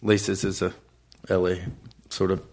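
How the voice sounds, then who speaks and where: Relaxed man chatting as a guest. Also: sits low, unhurried, creaky, slightly rough. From Los Angeles. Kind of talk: casual chat.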